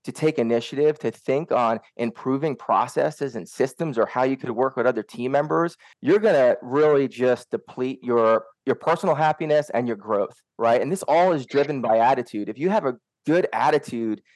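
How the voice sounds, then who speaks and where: An earnest young man gives a coaching talk on workplace attitude to his team, often tossing in a quick "right?" to check they follow. His voice sits at an ordinary middle pitch. The sound is dry and close, with no room echo. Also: darkish tone. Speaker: SEO team lead.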